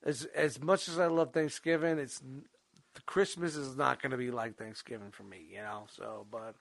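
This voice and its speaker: Gravelly, bright-voiced podcast co-host. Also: male voice, mid-range voice, fairly even intonation, moderate pace. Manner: loose and profane, bursts into mock-announcer hype. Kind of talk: casual chat.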